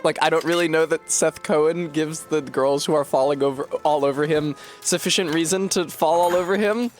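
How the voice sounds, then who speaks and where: A man streaming a game from his home setup talks in loose, rambling asides, full of jokes and swearing. His voice sits a bit higher than most men's. Soft game music plays faintly underneath. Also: fairly quick. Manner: joking, profane, rambling asides. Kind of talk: casual chat while gaming on stream.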